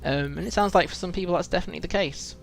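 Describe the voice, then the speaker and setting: Male game streamer, British accent, slightly raised pitch, reflective and chatty, faint game music underneath. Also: very fast, creaky. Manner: reflective and chatty, with frequent ums and restarts. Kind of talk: casual live-stream chat while playing.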